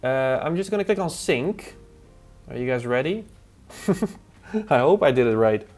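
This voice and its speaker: A man's voice: mid-range voice, a little slow. A man on a casual live stream, thinking aloud as he works and answering viewers' questions between tasks. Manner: muttering to himself, answering chat between tasks. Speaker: live streamer testing design software. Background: relaxed music playlist.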